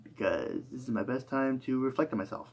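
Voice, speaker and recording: A man's voice: medium pitch, fairly even intonation, fast, darkish tone, breathy edge. A tired young man talking through a rambling, reflective monologue, full of fillers and restarts. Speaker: YouTuber.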